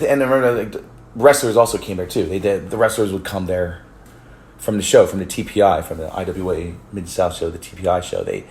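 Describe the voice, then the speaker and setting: A man's voice: sits low, gravelly, a little mellow, echoey room, slight background noise. A man from the United States telling a story in a rambling vlog, with many restarts, swearing and laughs. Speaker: vlogger. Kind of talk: casual storytelling.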